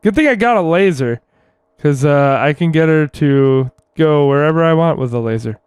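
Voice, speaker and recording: A man's voice: fairly high pitch, animated, moderate pace, darkish tone, clear, resonant tone, dry recording. A man co-hosting a podcast in casual chat, swearing freely and laughing a lot. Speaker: podcast co-host.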